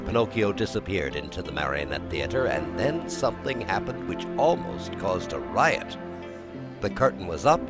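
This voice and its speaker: A man giving an expressive, dramatic audiobook narration of a children's story. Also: fairly low pitch.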